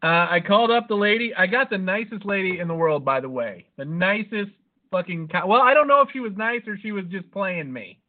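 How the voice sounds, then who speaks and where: A man with a high voice tells a rambling, profanity-laced story in casual podcast chat. He sounds tinny and narrow, as if heard over a phone line. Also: lively intonation, a little fast. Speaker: podcast host.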